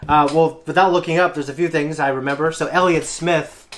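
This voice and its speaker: Young dude host, chatty and animated, kinda higher voice. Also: male voice, brisk, slight background noise. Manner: animated, laughs often, acts out other voices. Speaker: reaction show host. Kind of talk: casual storytelling.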